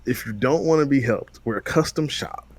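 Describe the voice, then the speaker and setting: A man co-hosting a podcast tells a story in a casual storytelling chat, keeping it laid-back and slangy with laughs along the way. His voice is mid-range and his pace moderate.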